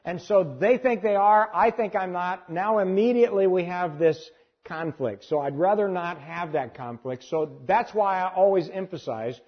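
A man's voice: sits high, moderate pace, breathy edge, highs cut off. A man teaching a church class on sharing faith, talking conversationally and often putting questions to his audience. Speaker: evangelism trainer.

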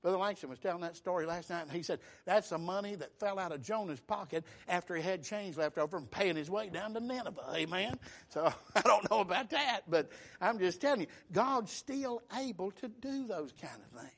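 Fervent high-voiced preacher. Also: male voice, lively intonation, a little fast. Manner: fervent, builds to shouting bursts, folksy storytelling. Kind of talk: sermon.

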